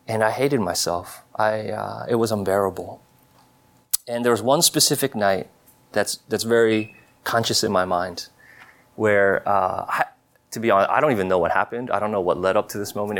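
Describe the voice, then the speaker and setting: Earnest, halting man preaching. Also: lowish voice, fairly bright tone. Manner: halting, many fillers and restarts; earnest, confessional. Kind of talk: personal testimony in a sermon.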